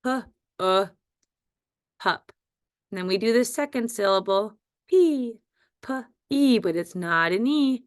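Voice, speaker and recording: A woman leads a phonics lesson at a very unhurried pace, drawing out each word and sound. Her voice is smooth and clear. The recording is dry and close, with no room sound. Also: a little high, lively intonation, dry recording. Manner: slow, deliberate, stretches out words and sounds. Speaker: teacher.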